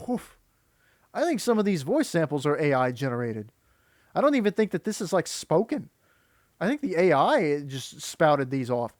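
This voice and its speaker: Male voice actor turned commentator; high, dry, exasperated and critical, rambles. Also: big pitch swings, moderate pace, no room sound. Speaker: YouTuber and voice actor. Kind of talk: commentary video rant.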